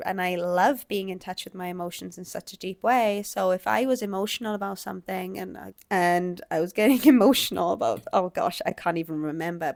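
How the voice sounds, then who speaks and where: A woman's voice: fairly low pitch, creaky. A woman hosting a solo relationship podcast as a coach, explaining things in a conversational way.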